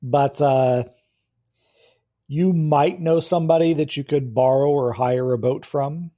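Mellow-voiced man running a tabletop game. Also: a little high, a little slow. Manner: relaxed, describing scenes with filler "uh"s. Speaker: game master.

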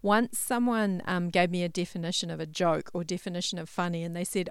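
A woman host with a very smooth, crisp voice asks curious questions in a casual interview chat. She gropes for her words as she goes, and the recording is close and dry. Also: lowish voice, steady tone, brisk, no room sound. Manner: hesitant, curious, many fillers and restarts. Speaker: podcast host.

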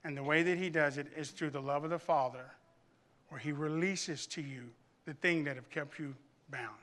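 A man's voice: on the high side, normal speed, fairly bright tone. A man preaching a sermon to a congregation, building intensity with repeated phrases and folksy storytelling. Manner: preaching with rising intensity and repetition; tells humorous family anecdotes to the congregation. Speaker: pastor.

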